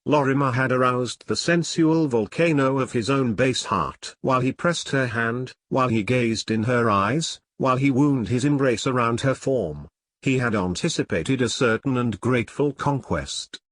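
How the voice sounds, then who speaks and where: A male narrator reads an old melodrama aloud in a steady, measured voice. His pitch sits in the middle, and the sound is close and dry with no room echo. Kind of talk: dramatic audiobook reading of an old novel.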